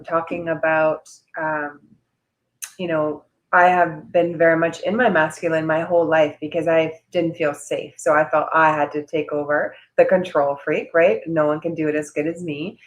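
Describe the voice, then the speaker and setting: A woman's voice: deep voice, flat delivery, moderate pace, rough recording. A woman hosting a livestream video call, encouraging the audience and sharing her own experience. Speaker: host.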